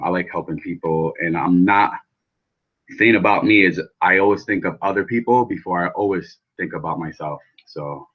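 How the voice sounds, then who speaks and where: A man's voice: low-pitched, muffled recording. A man hosting a vaping channel, chatting casually and rambling to viewers by name, often swearing. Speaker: vape channel host. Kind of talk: casual live chat while building coils.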